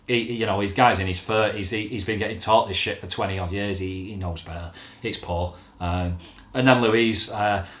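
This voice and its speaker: A man's voice: lowish voice, fairly even intonation, moderate pace. A man hosting a fan channel, ranting bluntly about football with plenty of swearing. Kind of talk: casual football rant to camera. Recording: echoey room.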